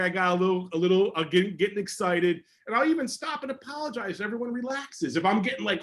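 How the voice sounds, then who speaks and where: A man, a security educator, answering questions in a casual online session with energetic, emphatic talk. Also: high-pitched, fast, few pauses.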